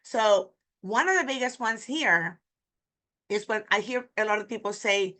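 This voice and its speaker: Bright-voiced teacher. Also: female voice, mid-range voice. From Puerto Rico. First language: Spanish. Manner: demonstrative, repeating example words slowly. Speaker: Spanish teacher. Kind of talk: online pronunciation lesson.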